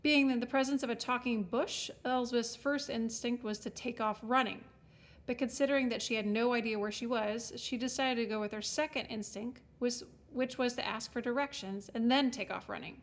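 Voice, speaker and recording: A woman reading a storybook aloud, with wry, expressive scripted narration. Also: on the high side, normal speed. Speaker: audiobook narrator.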